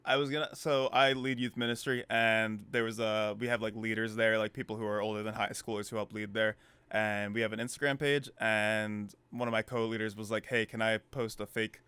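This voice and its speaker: Young man telling a lively story. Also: on the low side, fairly quick, smooth, no echo. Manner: animated storytelling, acts out quotes. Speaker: podcast co-host. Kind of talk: casual chat.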